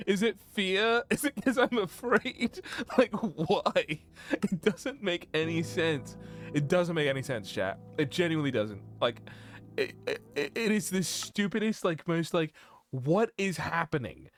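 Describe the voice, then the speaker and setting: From a room at home, a young man with a slightly high, animated voice chats casually on a live stream while playing, with faint music behind him. He speaks at a measured pace in a fairly bright tone, rambling, interrupting himself, and repeatedly dissolving into giggles.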